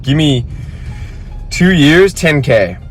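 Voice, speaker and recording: A man's voice: a little high, big pitch swings, takes it slowly, soft background music. A young man vlogging casually to camera about his gym day, telling a rambling, slangy story. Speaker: fitness vlogger. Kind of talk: casual vlog talk to camera.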